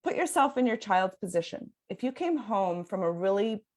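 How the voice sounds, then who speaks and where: A woman's voice: medium pitch, animated, normal speed, a little mellow. A young adult woman coach speaking earnestly in a podcast conversation, talking in long flowing sentences and laughing often. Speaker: parenting sleep coach guest.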